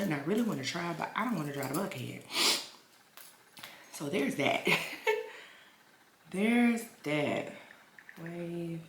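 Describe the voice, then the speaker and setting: A young woman, vlogging in a chatty, emphatic way and repeating her lines. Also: deep voice. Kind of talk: casual chatty vlog. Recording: echoey room with clear background noise.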